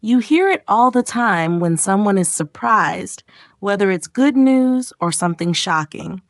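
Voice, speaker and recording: A woman's voice: medium pitch, measured pace, dry recording, studio quality. A woman narrating a scripted English lesson, acting out sample reactions as she goes. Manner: lively, acts out example reactions. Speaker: English teacher.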